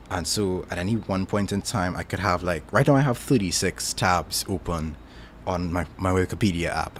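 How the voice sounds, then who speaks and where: Low-voiced Trinidadian man chatting casually. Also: a little hiss or hum. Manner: rambling, thinks aloud with many fillers. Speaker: streamer answering chat. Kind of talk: casual chat.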